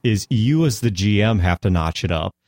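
A man on a podcast with a low voice, talking in an earnest, thoughtful way. The sound is dry and close, with no room around it. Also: lively intonation, normal speed, darkish tone, no echo. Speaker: podcast host. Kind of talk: casual chat.

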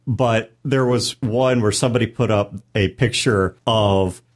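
A man's voice: on the low side, fairly even intonation, unhurried. A man hosting a podcast, telling wry jokes in casual chat. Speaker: podcast host.

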